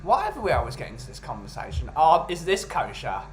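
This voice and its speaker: A man's voice: a little high, huge pitch swings, fairly quick, slight background noise. A man hosting a casual chat who jokes and rambles about food and culture. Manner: jokey, rambling. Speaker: host.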